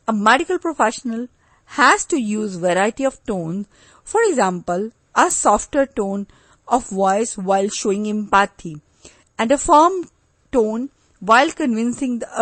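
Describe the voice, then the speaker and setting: A woman from India with an Indian English accent, teaching an exam-preparation lesson in a deliberate, emphatic way. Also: fairly high pitch, dry recording, low-quality recording. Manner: slow, deliberate, emphatic on key words. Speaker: OET speaking tutor.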